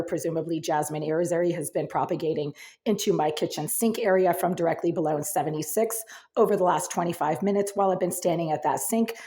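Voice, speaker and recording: Walking between rooms of her small apartment (kitchen, hallway, bathroom) with a handheld phone whose distance shifts, a woman vlogger records her own monologue. Her husky, smoky voice sits low and sounds mellow as she talks insistently and intensely in long, run-on sentences.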